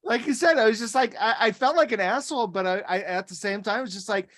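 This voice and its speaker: A woman's voice: on the high side, fast. A woman co-hosting a podcast in casual chat, telling stories animatedly, with frequent restarts and laughter. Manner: animated storyteller, restarts often, laughs along. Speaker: podcast co-host.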